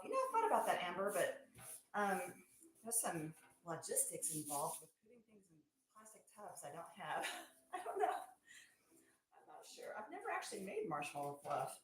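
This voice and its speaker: A woman running a casual live stream from her kitchen as a small-business marshmallow maker, rambling chattily, thanking viewers by name and laughing often. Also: on the low side. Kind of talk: casual live-stream chat while working. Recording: echoey room with faint background noise.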